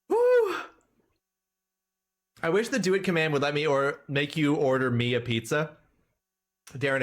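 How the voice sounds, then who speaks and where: A man streaming a video game, chatting casually with animated, rambling asides. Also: fairly high pitch.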